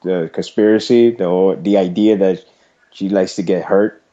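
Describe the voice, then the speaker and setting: A man's voice: sits low, fairly even intonation, normal speed, mellow. A man in casual podcast chat with friends, rambling and laughing often. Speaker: podcast co-host. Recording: muffled lo-fi voice chat audio.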